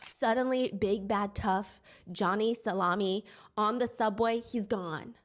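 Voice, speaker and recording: A woman's voice: mid-range voice, measured pace. Wry young woman recapping a story. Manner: wry, conversational, incredulous asides. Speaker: commentary YouTuber. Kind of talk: storytelling commentary.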